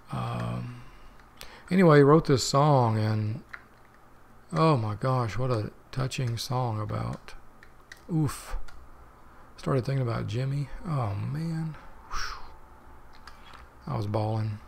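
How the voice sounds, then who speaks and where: Gravelly-voiced man rambling over gameplay. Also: mid-range voice, slight background noise. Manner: rambling, talks to himself while playing. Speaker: let's play host. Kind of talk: casual gameplay commentary.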